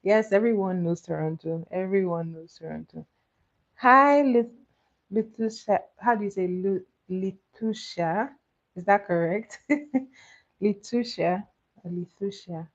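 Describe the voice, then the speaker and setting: A makeup livestream host talks casually to her viewers as she applies her makeup, responding to comments and laughing a lot. She has a gravelly, lowish voice, captured in a slightly muffled, dull recording.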